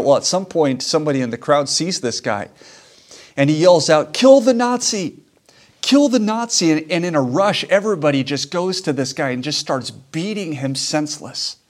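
A man's voice: mid-range voice, moderate pace. A man preaching a sermon as a pastor, earnest and emphatic, repeating key lines for weight.

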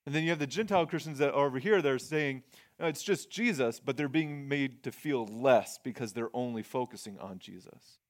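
A man's voice: mid-range voice, fairly quick, few pauses. A man preaching a sermon in a conversational way, reading scripture and explaining it plainly, often restarting his phrases. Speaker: pastor.

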